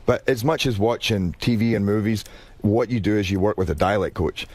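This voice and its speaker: A Scottish man, an actor guest, chatting in an interview in an animated way and often repeating words as he thinks. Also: fairly low pitch, a little fast, no echo. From Scotland. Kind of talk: casual interview chat.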